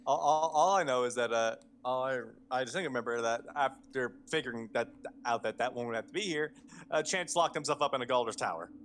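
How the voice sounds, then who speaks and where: A man at a tabletop game session, talking in a casual, excitable way and tripping over his own words. He swears freely, and a light hiss sits under his mid-pitched voice. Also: a little fast. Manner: excitable, profane, stammering. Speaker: player.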